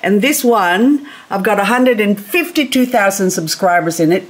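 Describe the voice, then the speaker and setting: A middle-aged woman chatting casually at home in a soft, slow way, now and then baby-talking to her pet bird. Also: lowish voice. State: grieving, recently teary. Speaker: gardening vlogger. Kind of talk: casual chat to camera. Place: home, indoors.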